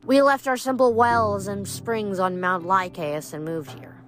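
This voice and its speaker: A woman reading aloud, voicing a bitter, vengeful ancient female water nymph in a slow, menacing way. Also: medium pitch, fairly even intonation, fairly bright tone, soft background music, natural voice.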